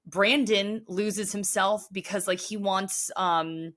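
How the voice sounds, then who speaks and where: Speaking slowly at a medium pitch with fairly even intonation, this podcast guest has a fairly bright tone. She's earnest and openly sensitive in casual chat, leaning heavily on "like."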